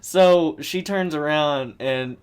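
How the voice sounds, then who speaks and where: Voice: medium pitch, takes it slowly, clean tone. A podcast co-host in casual movie review chat, rambling and swearing freely, often laughing.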